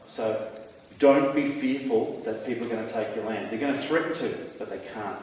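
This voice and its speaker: A man's voice: medium pitch, moderate pace, a little mellow, a little hiss or hum. A man with an Australian accent, talking emphatically and casually to a live audience as the speaker taking questions. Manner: emphatic, conspiratorial storyteller. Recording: echoey hall, voice from far off.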